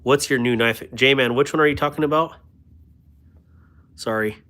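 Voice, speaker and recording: A mid-range male voice at normal speed hosts a relaxed knife livestream. Chatty and self-deprecating, he talks about knives, reads comments aloud, jokes about himself and thanks viewers warmly.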